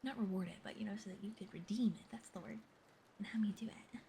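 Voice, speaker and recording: A woman ASMR streamer chats playfully with her viewers over rain ambience, often whispering, giggling and swearing casually in this soft-spoken livestream. Her mid-range voice is creaky and dark-toned, and she talks fast. A little hiss or hum is audible.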